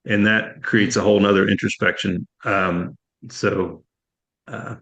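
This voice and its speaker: A man who owns a business, answering reflectively with halting, thoughtful pauses. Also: on the low side, level tone, fairly bright tone, husky, rough recording. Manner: thoughtful, halting, searching for words. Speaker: business-owner guest. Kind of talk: reflective conversation.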